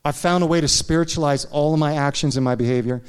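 A man delivers a confessional sermon from a church platform, his voice smooth and resonant and sitting a little high for a man. He keeps turning to the congregation with quick asides as he tells his story, and the long reverb of the sanctuary trails behind every phrase. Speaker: pastor.

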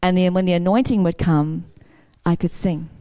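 A woman's voice: lowish voice, steady tone, moderate pace, dark tone. A middle-aged woman sharing a personal testimony in church, telling her story in a chatty way that rises into fervent praise. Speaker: worship leader sharing a testimony.

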